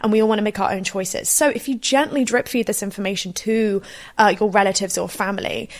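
A woman in casual conversation, animated and acting out quoted lines. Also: medium pitch, a little fast.

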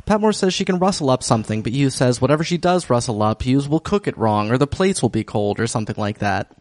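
A man's voice: mid-range voice, expressive, fast, darkish tone, no echo. A man co-hosting a podcast, recapping a TV drama in casual chat with a dry, understated humor. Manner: dry, understated, laughs easily.

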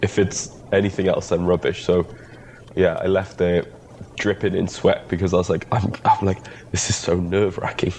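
A man's voice: low voice, level tone, moderate pace, a little mellow, a little hiss or hum. A tired Welsh man co-hosting a podcast in casual chat, friendly and laughing easily. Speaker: podcast co-host.

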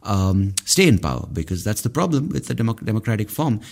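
A man's voice: lowish voice, big pitch swings, brisk, gravelly, a little mellow. A man, hosting a solo podcast and ranting in a profane, exasperated way. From India. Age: 30s. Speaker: podcast host.

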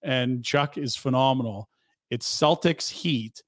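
A man hosting a sports talk show, chatting casually with quick asides. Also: medium pitch, no echo. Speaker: sports radio host.

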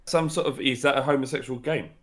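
A man co-hosting a podcast in casual chat, teasing and cutting in with quick comments. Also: mid-range voice, fairly even intonation, fairly bright tone. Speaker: podcast co-host.

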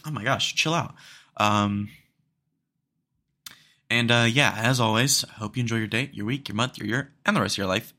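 Bright-voiced man ranting on his podcast. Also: on the low side, fairly even intonation, moderate pace, long pauses. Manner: ranting, exasperated, rambling. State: hiccups. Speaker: podcast host. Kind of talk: solo podcast rant.

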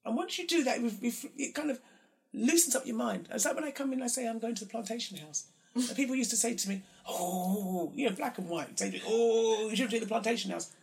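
Brief: woman guest, gravelly, animated, mimics others in quotes. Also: fairly quick. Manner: animated, acts out quotes in high mocking voices. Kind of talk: candid conversation.

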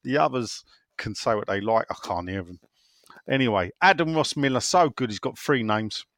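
A man hosting a football podcast over a remote call, chatting loosely and rambling on while he swears and mutters to himself. His voice has a middle pitch and a dry, close sound with no room echo. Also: animated, normal speed, a bit bright. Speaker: podcast host. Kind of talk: casual football podcast chat.

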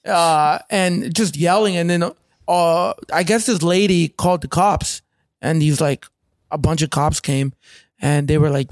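A Canadian man tells a rowdy story in a high, lively voice, swearing freely and slipping into other people's voices. The sound is close and dry, with no room around him. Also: a little slow, no echo. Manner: profane, animated, acts out other people's voices. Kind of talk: casual storytelling.

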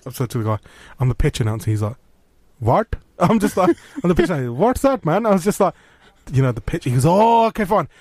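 A man's voice: mid-range voice, lively intonation, fast talker, a little mellow, husky, no echo. A man co-hosting a sports radio show, telling stories and mimicking the people in them. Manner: storyteller, mimics voices, chatty. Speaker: co-host, stadium announcer. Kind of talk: casual radio banter. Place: radio studio.

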